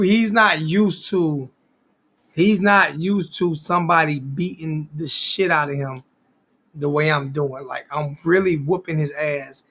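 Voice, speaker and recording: A man's voice: a little high, sharp tone. A man hosting a sports talk stream, boasting and trash-talking in a casual rant with many restarts. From American. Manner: boastful, repeats himself, stammering restarts. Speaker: sports podcast host.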